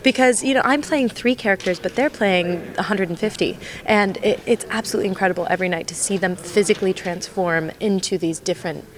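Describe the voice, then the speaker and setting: Bubbly young actress laughing often. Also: female voice, fairly low pitch, quick pace, hardly any pauses. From Colorado, USA. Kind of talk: press interview.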